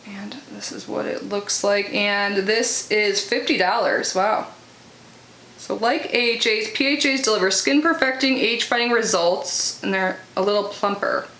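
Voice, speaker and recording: In an echoey room with faint noise, a young woman unboxes items for her vlog, reading product blurbs in chatty, filler-heavy talk. Her mid-range voice is a bit bright and a little slow.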